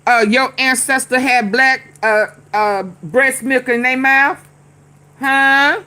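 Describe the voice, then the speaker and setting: Slow heated woman reacting to a clip. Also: a little high, bright, forceful tone. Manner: heated, talks back to the screen and commenters. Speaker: commentary streamer. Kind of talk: casual reaction commentary.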